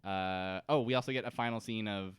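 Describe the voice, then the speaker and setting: A man co-hosting a podcast, casually recapping a TV episode and acting out characters' lines in quick put-on voices. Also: lowish voice, clean tone, no echo, studio quality. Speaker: podcast co-host.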